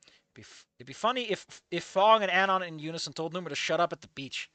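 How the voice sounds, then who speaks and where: A streamer chatting casually over a game, cursing and laughing in excitable outbursts, with faint music behind. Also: mid-range voice, fast talker, no echo. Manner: profane, giggly, excitable outbursts. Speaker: let's play streamer. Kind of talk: casual game commentary and reading aloud.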